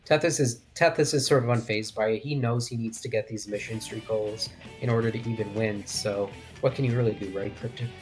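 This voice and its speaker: A low-pitched man calls a live speedrun match over soft music. He rambles and thinks aloud, often turning to his co-host for a nod. It sounds like a headset mic on a live stream. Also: fairly even intonation, fairly quick, few pauses. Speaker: commentator.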